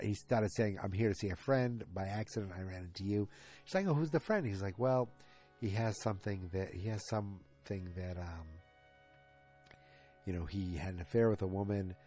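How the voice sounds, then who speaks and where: A man's voice: on the low side, dark tone. A man hosting a podcast, retelling a TV episode in a loose, rambling way with lots of fillers and restarts. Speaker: podcast host. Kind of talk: casual episode recap.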